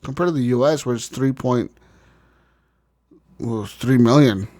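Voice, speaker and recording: A man's voice: mid-range voice, moderate pace, dark tone. A man co-hosting a casual gaming podcast, swearing freely and joking through rambling rants. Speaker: podcast co-host.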